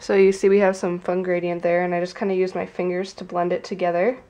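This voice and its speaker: A woman's voice: fairly low pitch, flat delivery, fast, dark tone. A young woman with a stuffy, nasal voice from a cold, chatting casually as she explains a craft tutorial step by step. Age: young adult. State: congested from a cold. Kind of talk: casual how-to narration.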